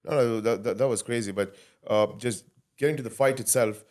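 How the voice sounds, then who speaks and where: A man hosting a casual podcast interview, soft-spoken, often trailing off and restarting his questions. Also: medium pitch, brisk. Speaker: podcast host.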